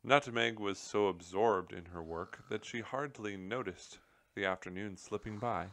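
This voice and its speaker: Slow, deep-voiced man reading a storybook. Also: creaky. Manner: gentle storytelling with character voices. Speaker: read-aloud narrator. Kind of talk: children's book read-aloud.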